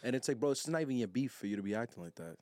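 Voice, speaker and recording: A man co-hosting a casual podcast who fires off words at a rapid clip. He is blunt, profane and fired-up. The sound is close and dry. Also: medium pitch, lively intonation, dark tone, no room sound. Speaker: podcast co-host. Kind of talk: casual chat.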